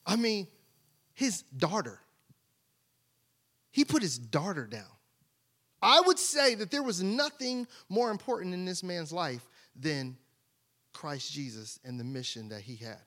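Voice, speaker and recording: A male pastor delivers a sermon in a high, bright voice. He speaks slowly, asks the congregation rhetorical questions, and sinks to a near hush on key points. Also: animated.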